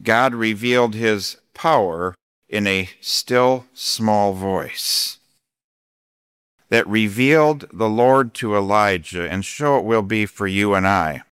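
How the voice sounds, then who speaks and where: A man preaching a sermon as pastor, speaking deliberately and emphatically, slowing down to read scripture. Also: lowish voice, a bit bright, clean tone, no room sound, studio quality.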